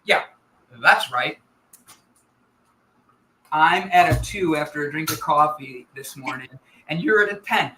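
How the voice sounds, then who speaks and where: A man's voice: on the high side, unhurried, long pauses, bright, forceful tone, a little hiss or hum. A man guesting on a live show, teasing the host and rambling through funny stories. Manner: playful, teasing, rambling storyteller. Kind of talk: joking live-show banter. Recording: roomy echo, distant from mic.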